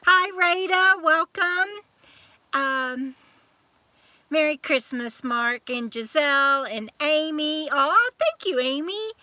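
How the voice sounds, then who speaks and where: Woman, Southern accent, high bright voice, dry close sound, live-stream chat, rambling and friendly greetings. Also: expressive, slow, dry recording. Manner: chatty, scattered, greets viewers one by one. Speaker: YouTube channel host.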